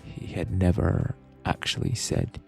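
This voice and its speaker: A man narrating a story in a soft ASMR whisper, a whispered role-play. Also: unhurried, faint music behind. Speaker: ASMR streamer.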